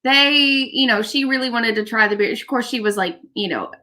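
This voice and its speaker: Bright-voiced young woman chatting. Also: on the high side, a little fast. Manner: chatty, trailing off with fillers. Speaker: podcast co-host. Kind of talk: casual livestream chat.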